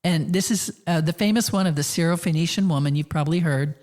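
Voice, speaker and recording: A woman's voice: on the low side, fast talker, a little mellow. A woman hosting a podcast, telling stories in casual conversation and laughing often as she goes. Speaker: podcast host.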